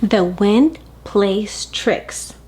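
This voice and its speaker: A woman hosting a children's story time, reading a picture book aloud in a playful, expressive way. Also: mid-range voice, extremely slow, over music.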